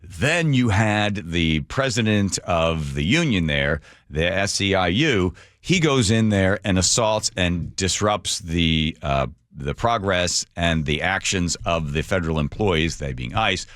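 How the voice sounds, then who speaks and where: Radio host, middle-aged man, low and very animated, mocking opinionated monologue, dry studio mic. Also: measured pace, no echo. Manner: sarcastic, mocking, acts out quotes in a raised voice. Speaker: radio talk show host. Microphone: studio microphone.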